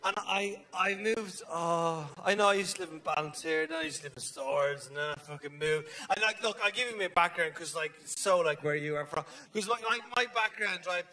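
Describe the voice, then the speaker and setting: A man with a Dublin Irish accent doing a live stand-up routine, energetic and swearing, checking in with "right?" again and again. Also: on the high side, brisk, hardly any pauses. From Ireland. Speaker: stand-up comedian. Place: comedy stage.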